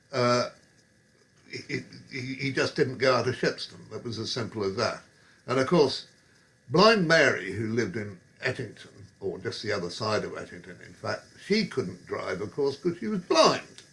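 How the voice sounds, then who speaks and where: A man's voice: mid-range voice, fairly bright tone. A man telling rambling, wry pub anecdotes with chuckles and digressions. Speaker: storyteller.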